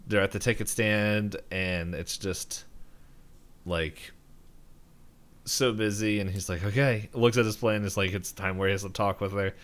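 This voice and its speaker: A man's voice: lowish voice, fairly even intonation, a little slow, a bit bright. A young man co-hosting a podcast, casually recapping a cartoon episode, rambling, laughing often and quoting characters in raised voices. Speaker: podcast co-host.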